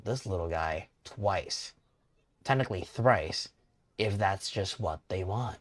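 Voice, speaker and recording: A man's voice: on the low side, no echo. A man streaming a cozy video game, chatting and explaining casually with fillers and restarts.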